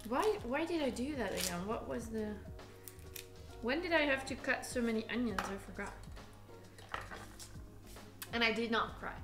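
Chatty high-voiced woman streaming her cooking. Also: expressive, normal speed, long pauses, roomy sound, over music. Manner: chatty, self-teasing, giggly. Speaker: cooking livestreamer. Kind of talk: casual live cooking stream chat. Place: home kitchen.

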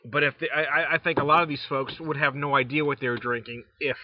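A man's voice: medium pitch, steady tone, fast talker, no room sound, dull audio. A man reviewing beer in a casual vlog, rambling with restarts and speaking frankly, with some mild swearing. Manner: rambling, frequent restarts and fillers; frank, mildly profane.

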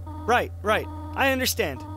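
A man voicing a gentle, motherly female goat caretaker in a formal, polite way. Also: sits high, very animated, unhurried, soft background music, heavily acted. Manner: polite, formal, softly reading text aloud.

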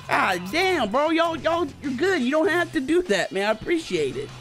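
A young man streaming a video game, reacting live with excited shouts and swearing at each play. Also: very high voice, normal speed, soft background music. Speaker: gaming streamer.

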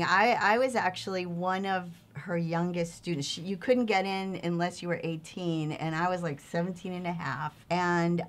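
A middle-aged woman with a fairly low voice, recalling her acting career in a casual interview. She tells her stories in a lively, animated way and laughs easily between memories. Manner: animated, lively storyteller who laughs often. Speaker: actress and showrunner guest.

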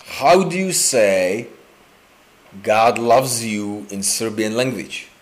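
A pastor man preaches in a church, unhurried and loose. He jokes with the room, and his pitch rises and falls a lot. He fills gaps with frequent "uh"s and restarts. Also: lively intonation. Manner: chatty and joking, with many fillers and slow restarts. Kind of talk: informal sermon. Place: church sanctuary indoors.

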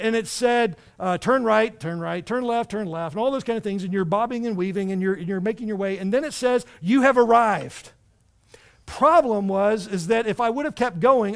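A man pastor preaching a sermon in a church, animated and conversational, with wry asides to the congregation. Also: sits high. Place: church sanctuary.

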